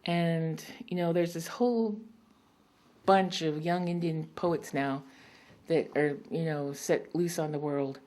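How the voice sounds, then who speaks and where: Woman poet, low voice, rambling anecdotes, chuckles between stories, live reading. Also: steady tone, takes it slowly, a little mellow. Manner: rambling, anecdotal, laughs often. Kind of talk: storytelling talk between poems. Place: public poetry reading.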